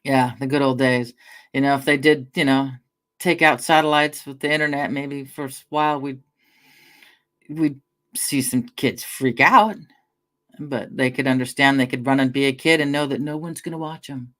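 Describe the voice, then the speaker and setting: A woman's voice: rumbling low, fairly even intonation, normal speed, a bit bright. A middle-aged woman from the Northwest drifts from one anecdote to the next as she talks to her stream. She swears offhandedly and breaks off to answer viewers. Her tone is loose and conversational. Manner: rambling storyteller, swears casually, talks to chat. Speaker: livestreamer. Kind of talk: casual livestream chat.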